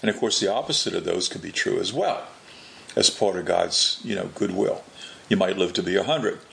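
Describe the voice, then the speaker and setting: A man giving a spoken religious teaching in an unhurried way, often restarting and repeating his words. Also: low-pitched, gravelly, a bit bright, a little hiss or hum. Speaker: Catholic preacher.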